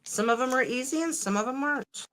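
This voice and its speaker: A woman's voice: high voice, fast talker, fairly bright tone, a little hiss or hum, poor audio. A woman hosting a casual crafting livestream, chatty and swearing casually as she works. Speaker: livestream host. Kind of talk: casual chat while crafting.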